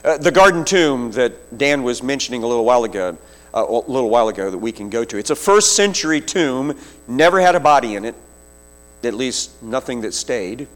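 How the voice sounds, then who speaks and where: A man preaching a sermon, retelling a scripture story vividly with slow, deliberate phrasing. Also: mid-range voice, animated.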